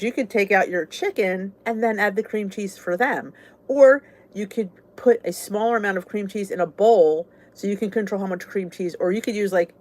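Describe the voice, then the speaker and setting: A woman from southern New Jersey with a South Jersey accent, chatting casually and rambling on a live stream as host of her weight-loss channel. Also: medium pitch. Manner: chatty, rambling, greets viewers.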